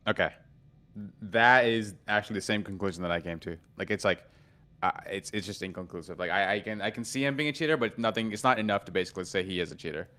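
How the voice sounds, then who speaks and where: A man's voice: fairly low pitch, fast, pushed and bright. A man chatting casually on a gaming stream, often repeating words as he starts a thought.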